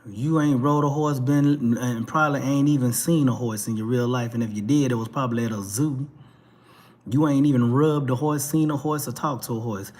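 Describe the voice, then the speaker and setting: A man with a Texas twang delivers a fired-up talk-show monologue, blunt and full of swearing, driving each point home again and again. His voice sits in a middle register with a husky, slightly rough grain. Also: medium pitch, fairly even intonation, moderate pace, a little mellow. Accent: Texan twang. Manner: blunt, emphatic, profane, repeats points. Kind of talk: ranting commentary monologue.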